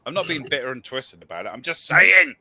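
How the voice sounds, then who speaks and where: Sardonic man with a lively bright voice. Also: fairly high pitch, brisk. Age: 40s. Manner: sardonic, swearing, jokey. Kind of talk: casual chat.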